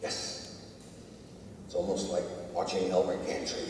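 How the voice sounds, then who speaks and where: Lively-voiced pastor in an echoey church. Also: male voice, medium pitch, measured pace, a little hiss or hum. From United States. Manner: conversational storytelling, asks the congregation questions. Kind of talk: sermon. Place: church sanctuary. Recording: echoey church hall, distant mic.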